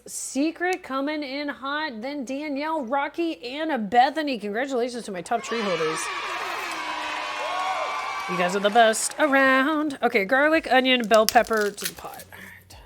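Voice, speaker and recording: Over some background noise, a woman with a higher-pitched voice cooks on a live stream and chats playfully with her viewers. She's talkative and answers the chat out loud in this casual cooking broadcast.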